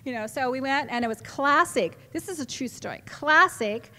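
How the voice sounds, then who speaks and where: A middle-aged woman, giving an animated storytelling talk to a live audience in a large hall. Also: high-pitched, moderate pace. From California, USA. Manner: animated, chatty, laughs often, with restarts. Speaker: symposium speaker. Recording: echoey hall reverb.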